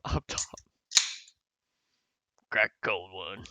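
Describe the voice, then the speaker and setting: A man's voice: deep voice, fairly even intonation, drawn-out words, sharp tone, a little hiss or hum. A man hosting a streamed tabletop game, chatting casually with his players and laughing often.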